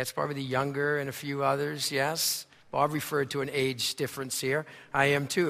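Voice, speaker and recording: Pastor, male, Boston accent, bright high voice, emphatic sermon delivery in a reverberant hall. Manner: emphatic preaching, swings from soft to loud. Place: church sanctuary.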